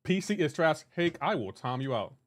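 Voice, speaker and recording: Young male gamer-streamer, slightly high voice, playful trash-talking banter. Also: big pitch swings, moderate pace. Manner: teasing, banter-heavy, breaks into laughter. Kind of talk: casual live-stream chat, reading chat aloud.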